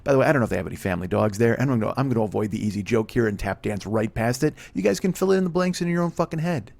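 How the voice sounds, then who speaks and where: A man in his forties rattles through a solo comic monologue at a quick clip, swearing freely. He keeps cutting himself off mid-thought and doubling back. His pitch sits in an ordinary middle range. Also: lively intonation, creaky, darkish tone. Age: 40s. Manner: rambling, profane, self-interrupting. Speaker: comedy podcast host.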